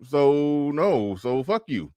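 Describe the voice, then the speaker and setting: Hosting a profane, casual reaction commentary, a man reads posts aloud while switching voices. His voice is a little high with a darkish tone, very animated yet slow-paced, and the recording is dry.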